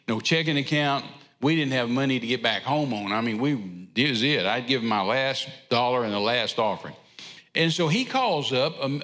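Preacher guy, gravelly voice, rambling folksy storytelling, churchy reverb. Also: medium pitch, a bit bright. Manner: folksy, rambling, self-deprecating humor. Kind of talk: storytelling sermon. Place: church sanctuary.

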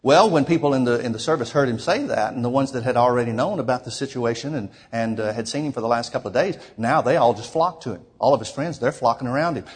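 A man's voice: mid-range voice, quick pace, few pauses, slightly rough. A man preaching, retelling a story in a sermon with many quoted lines and frequent restarts.

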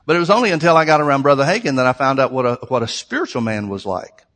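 A pastor preaches a sermon to his congregation in a church sanctuary, earnest and conversational, leaning on emphatic repetition. His medium-pitched voice races along with a bit of brightness, and a large hall's long reverb trails behind it.

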